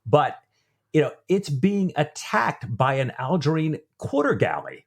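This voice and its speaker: A man co-hosts a book podcast in a fairly high, sing-song voice that's unhurried and slightly rough. He talks casually, full of fillers and restarts, and he grew up Lutheran but doesn't speak Norwegian.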